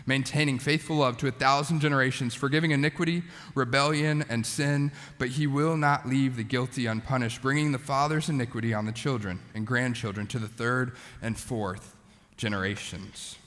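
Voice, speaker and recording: A man in his thirties, a youth pastor, preaching to students in a conversational, animated way with casual asides. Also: medium pitch, normal speed. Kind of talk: sermon to students. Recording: long hall reverb.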